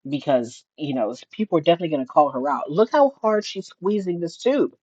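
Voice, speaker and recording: A streamer delivers casual, mocking reaction commentary and often breaks into laughter. The voice swings widely in pitch and sometimes shoots up into shrieks. The recording is dry and slightly muffled, like a lo-fi mic. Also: lively intonation, fairly quick, darkish tone, husky, no room sound.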